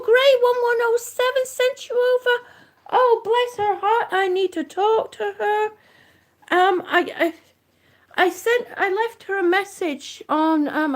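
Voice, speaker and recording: On her livestream, a breathless woman with a high voice chats at an easy, slow pace. Her sentences loop unhurriedly, breaking off and restarting as she reads comments and welcomes viewers individually.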